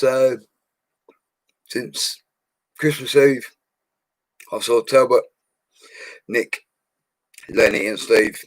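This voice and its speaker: Chatty bloke, low and dry. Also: male voice, slow, long pauses, dry recording. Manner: chatty and upbeat, laughs a lot, slangy. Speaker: livestream host reading viewer comments. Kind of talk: casual live chat. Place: home studio.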